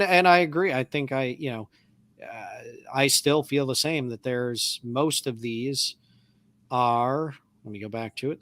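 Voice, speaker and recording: Man co-hosting a car podcast, knows his old cars, reads prices out loud, dry close-up sound. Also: medium pitch, dry recording. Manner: thinks aloud while reading out auction results; knowledgeable about classic cars. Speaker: podcast co-host. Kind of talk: casual chat.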